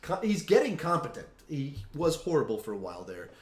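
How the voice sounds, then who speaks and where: A man in his thirties hosting a casual live-stream chat, animated, with trailing restarts and fillers. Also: on the high side, a little fast, roomy sound. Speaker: host.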